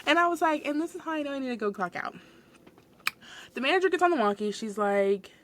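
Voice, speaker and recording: A young woman hosting a podcast, telling a work story in a casual, animated way, full of fillers and acted-out quotes. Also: medium pitch, fast talker. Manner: animated, swears, many "like" fillers, acts out quotes. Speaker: podcast host.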